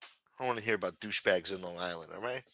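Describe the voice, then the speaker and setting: A man's voice: low-pitched, quick pace, pushed and bright, dry recording, clean studio sound. A man hosting a livestream, talking crudely and mockingly while reacting to his chat and thanking supporters. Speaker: livestream host. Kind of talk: profane casual commentary.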